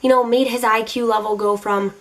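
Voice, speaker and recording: A young woman in her twenties vlogging, telling dating stories to camera in an animated, exasperated, sassy way. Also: on the high side, brisk, very noisy. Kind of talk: casual storytelling to camera.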